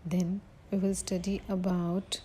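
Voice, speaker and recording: A woman giving a recorded literature lecture, reading from notes haltingly, with slips and self-corrections. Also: on the low side, little pitch movement, warm tone, slight background noise, rough recording.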